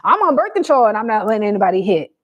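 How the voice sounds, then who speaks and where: A woman's voice: medium pitch, big pitch swings, very fast, dull audio. Blunt, sassy woman vlogger. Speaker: vlogger giving advice. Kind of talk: casual livestream chat to viewers.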